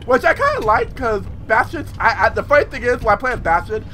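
A man commentating his own gameplay as a video host, excitable and swearing a lot, often squealing. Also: extremely high pitch, fairly quick. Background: game music and sound effects.

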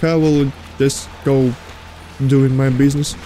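High-voiced man talking through a horror game. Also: fairly even intonation, a little slow, dark tone, slight background noise. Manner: talks to the game's creatures, jokey and easily startled. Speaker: gaming streamer. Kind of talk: let's play commentary.

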